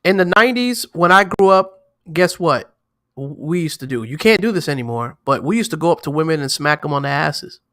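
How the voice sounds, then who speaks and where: Bright-toned New man in casual chat. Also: a little high, expressive, fairly quick, no echo, studio quality. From New York. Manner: loose, boastful storytelling with slang. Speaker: podcast co-host.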